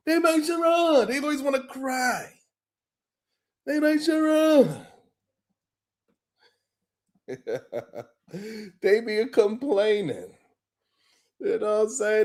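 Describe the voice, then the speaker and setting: A man hosting a live stream, talking in a loose, slangy, mocking way. He laughs often and greets viewers in the chat by name. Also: high voice. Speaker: live-stream show host. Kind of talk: casual live-stream commentary.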